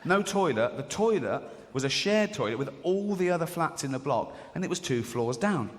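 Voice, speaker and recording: A man from England does stand-up in a large theatre, his voice on the high side and expressive at a normal speed. He tells chatty stories and impersonates other people. The recording has live theatre reverb and faint crowd ambience.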